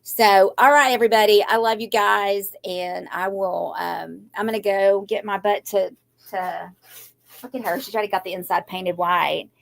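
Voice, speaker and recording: A woman's voice: mid-range voice, fairly even intonation, normal speed, vocal fry. An older woman, talking to her viewers in a rambling, anxious way that turns defiantly upbeat, with a shaky voice close to tears. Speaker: craft channel host. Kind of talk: emotional live chat to viewers.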